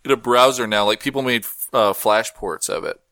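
A man's voice: fairly even intonation, moderate pace, bright, forceful tone, no echo, clean studio sound. A man co-hosting a casual podcast, goofy and joking, riffing on the stories. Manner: goofy, riffs and jokes, swings pitch a lot. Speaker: podcast co-host. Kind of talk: casual chat.

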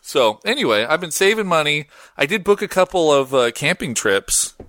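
A man's voice: on the high side, very animated, normal speed, fairly bright tone, no echo. A young man hosting a podcast in casual, slangy chat, laid-back and wandering off on tangents. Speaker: podcast host.

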